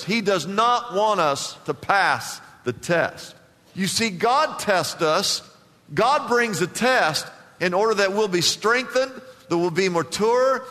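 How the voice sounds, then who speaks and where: A man's voice: high-pitched, pushed and bright. A man preaching a sermon to a congregation, emphatic and repetitive, asking the people to respond. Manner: emphatic preaching, repeats phrases, asks the congregation. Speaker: pastor. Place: church sanctuary. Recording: long reverb of a church hall.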